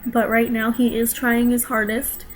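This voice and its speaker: A woman's voice: a little high, flat delivery, measured pace, rough recording. A young woman vlogging from home, talking straight to her viewers in a defensive, emotional rant, close to tears at times. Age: young adult.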